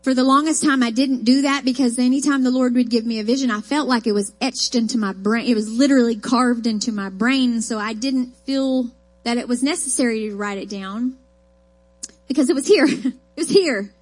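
A woman's voice: on the high side, fairly even intonation, brisk. Emphatic woman preaching a sermon. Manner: emphatic, folksy storytelling with rising declarations. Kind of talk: sermon with personal testimony.

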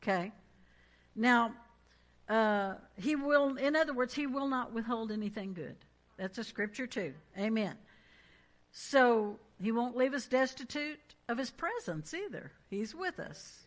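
A woman's voice: on the high side, animated, measured pace. A woman preaching a sermon in an emphatic, conversational way, reading scripture and prompting the congregation to respond.

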